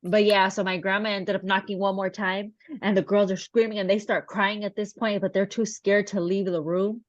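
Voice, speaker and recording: A woman's voice: mid-range voice, normal speed, no echo, muffled recording. A woman podcast co-host telling a family story in casual chat, acting out the voices of the people in it. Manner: animated, acts out quoted voices.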